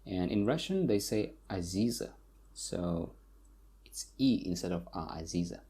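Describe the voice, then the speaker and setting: A man from Tajikistan with a Tajik accent, explaining word stress to learners and repeating each example word slowly. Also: low-pitched, very animated, dark tone, breathy edge. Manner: slow, repeats words for learners. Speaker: language teacher. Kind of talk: explaining pronunciation lesson.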